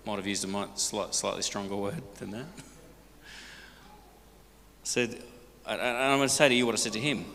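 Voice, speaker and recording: A middle-aged Australian man telling lively, jokey stories to a church audience and asking them questions. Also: medium pitch, brisk, pauses often. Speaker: guest speaker. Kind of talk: storytelling talk to a church congregation. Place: large church hall. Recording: church hall reverb.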